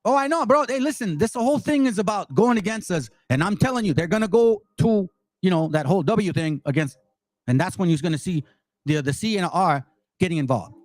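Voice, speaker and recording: A man from Peru giving casual reaction commentary, animated and talking straight to his viewers. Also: high voice, fairly quick, dry recording. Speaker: channel host.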